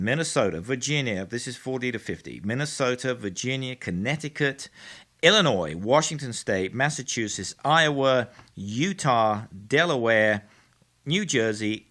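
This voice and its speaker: A man's voice: mid-range voice, a bit bright. A man with a Texas accent hosting a political commentary show in a studio, speaking with mock-astonished, theatrical sarcasm.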